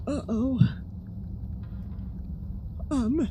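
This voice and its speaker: A woman's voice: fairly high pitch, lively intonation, unhurried, long pauses, mellow, slight background noise. Jumpy woman narrating a horror game. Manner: jumpy, nervous, talks to herself. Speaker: gaming channel host. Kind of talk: horror game playthrough commentary.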